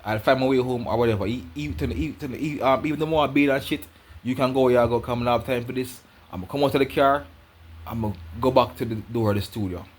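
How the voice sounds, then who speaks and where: A man's voice: medium pitch, fast. A man with a Jamaican accent telling a personal story in patois, rambling and repeating himself as he goes.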